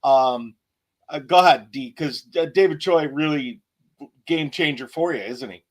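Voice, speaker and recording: A man hosting a podcast, asking his guest questions in a casual, halting way with restarts. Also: fairly high pitch. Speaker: podcast host. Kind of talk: casual interview chat.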